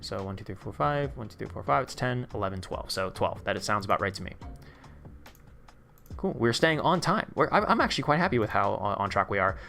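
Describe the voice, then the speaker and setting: Excitable young man streaming games. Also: on the low side, fairly quick, gravelly, soft background music. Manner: excitable, chatty, reads chat aloud. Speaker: livestream host. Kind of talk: casual live-stream commentary. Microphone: desk microphone.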